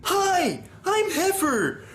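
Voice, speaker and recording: A man's voice: very high-pitched, huge pitch swings, extremely slow, a bit bright, a little hiss or hum, heavily acted. A man voicing a giddy, endlessly joyful cartoon steer who talks without a filter. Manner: bubbly, laughing, no filter.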